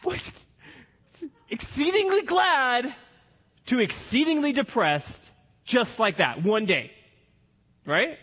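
High, lively male pastor preaching. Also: slow pace, slightly rough, in a large hall. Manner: animated, acts out the characters' lines. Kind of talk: sermon.

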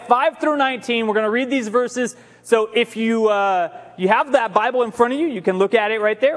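Brief: man, pastor, sermon; chatty, emphatic storytelling, high pitch, reverberant sanctuary. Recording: long hall reverb.

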